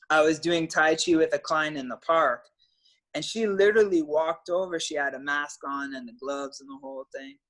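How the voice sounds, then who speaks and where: Passionate man, higher voice. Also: fairly bright tone. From Canada. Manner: passionate, emphatic, swears casually. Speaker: trainer and guest coach. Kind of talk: casual storytelling talk.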